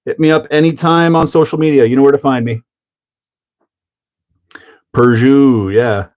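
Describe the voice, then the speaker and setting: A man's voice: fairly high pitch, fast, darkish tone. A man hosting a casual hobby livestream, chatting and laughing while he builds a model car and greets viewers by name. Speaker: livestream host.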